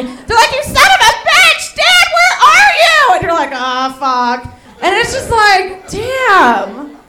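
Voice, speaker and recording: A woman's voice: a little high, fairly bright tone, roomy sound. A woman doing a crude, blunt stand-up comedy set in a bar, laughing through her own jokes. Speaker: stand-up comic. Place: bar stage.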